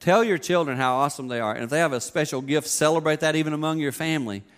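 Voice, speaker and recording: A man's voice: on the high side, quick pace, clear, resonant tone. A man in his fifties giving a sermon, a conversational, joking storyteller. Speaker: pastor.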